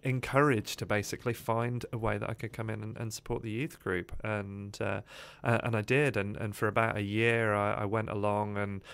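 Low, smooth-voiced man telling stories. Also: normal speed. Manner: animated storyteller with frequent "uh" fillers. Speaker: podcast guest. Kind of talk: conversational life story.

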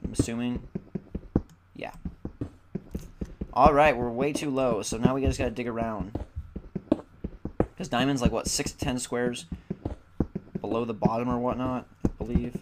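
A tired young gaming YouTuber gives casual, chatty Let's Play commentary, grumbling at the game. His mid-range voice is steady and unhurried, with frequent pauses, and loud background noise fills the recording.

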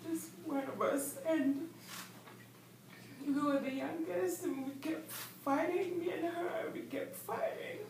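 Affectionate, frank woman, high voice, roomy and distant. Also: fairly even intonation, takes it slowly, creaky, darkish tone, slight background noise. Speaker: mourner sharing a memory. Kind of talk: personal remembrance. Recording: echoey, distant room recording.

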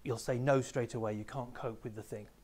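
Male teacher, mid-pitched, clear explanatory assembly delivery to pupils. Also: fairly even intonation, brisk, a little mellow. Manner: explanatory, addresses pupils directly. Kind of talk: school assembly talk. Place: school room with a small live audience.

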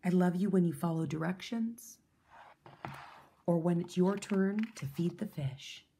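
A woman reading a children's picture book aloud with a gentle, soothing delivery. Her voice sits low and mellow, and she takes her time over every line. A faint hiss sits behind her. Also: a little slow. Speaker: storyteller.

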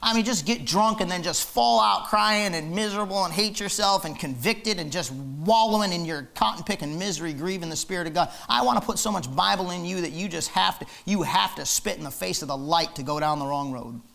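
A man's voice: sits high, a little fast, vocal fry, hardly any pauses, a bit bright. A man preaching a fiery, emphatic sermon in church, hammering his points with repetition. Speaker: pastor.

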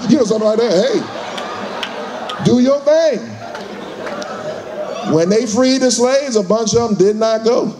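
Before a live audience, with crowd noise audible, a motivational speaker delivers a fired-up speech using call-and-response and acted-out voices. His voice sits high, and he speaks a little fast.

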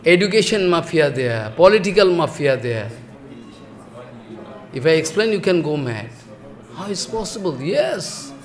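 A man's voice: on the high side, very animated, measured pace, long pauses. A man giving a sermon as a spiritual teacher, emphatic and scolding. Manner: scolding, emphatic, mixes laughter and mock dialogue.

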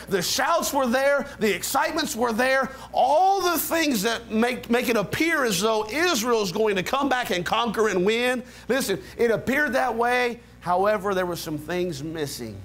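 A man preaching a sermon as pastor, with quiet prayer passages and rising, emphatic build-ups. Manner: leads a quiet low prayer. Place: church sanctuary.

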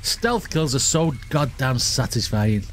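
A man giving excitable gaming commentary, shouting and laughing at the action as he plays. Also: medium pitch, a little slow, a little hiss or hum. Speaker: gaming streamer.

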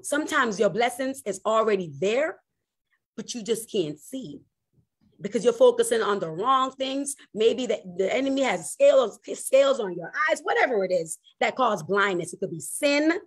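Woman, pastor, sermon, husky voice, animated preaching, loud highs and hushed lows.

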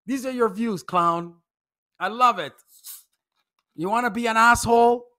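A man's voice: very high voice, measured pace, sharp tone. A man delivering a heated, mocking commentary rant, full of profanity and phrases he repeats for emphasis. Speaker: commentary YouTuber. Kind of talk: ranting commentary vlog.

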